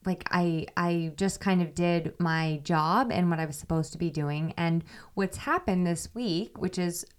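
A woman's voice: on the low side, a little slow. A woman hosting a solo podcast, talking in a candid, reflective way and thinking aloud with small restarts. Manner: candid, reflective, talks things through with restarts. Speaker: podcast host.

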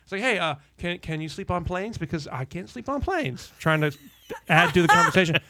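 A middle-aged man telling animated, laughing anecdotes as a guest on a casual podcast. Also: sits high, fairly quick.

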